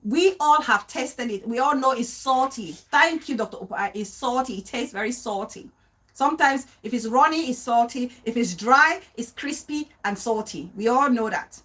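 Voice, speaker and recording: A woman talks to her livestream audience in an animated, chatty way. Her voice sits a little high, and she repeats phrases for emphasis, stops to greet viewers by name, and laughs easily. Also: moderate pace. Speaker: livestream host. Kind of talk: casual live-stream talk to viewers.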